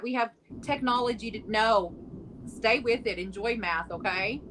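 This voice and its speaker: A woman co-hosting a casual talk show, speaking in a slightly raised pitch. She is upbeat and encouraging and laughs easily. The recording carries a clear layer of noise. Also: steady tone, a little slow, a bit bright. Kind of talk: casual interview chat. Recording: noisy recording.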